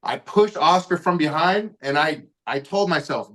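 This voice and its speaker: A man's voice: a little high, expressive, normal speed, few pauses, fairly bright tone. A man hosting a podcast, telling a story casually, swearing a lot and acting out what people said. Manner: profane, acts out quoted lines. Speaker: podcast host. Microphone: podcast mic.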